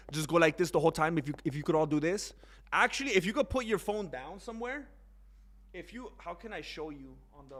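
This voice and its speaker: A young man giving a rambling casual monologue on fight news, animated and mocking. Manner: rambling, animated, mocks others in high exaggerated voices. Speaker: MMA commentary YouTuber.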